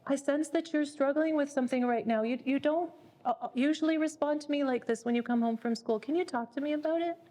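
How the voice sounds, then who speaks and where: A woman speaking as a mother who talks calmly and firmly to her daughter. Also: sits high, close to an everyday voice. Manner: calm, measured, gentle but firm.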